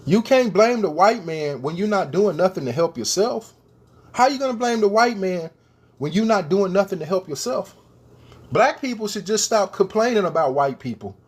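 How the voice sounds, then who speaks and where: Male commentator with a high voice, preachy rant to camera, hammers home rhetorical questions. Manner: emphatic, repeats rhetorical questions; addresses the viewers directly.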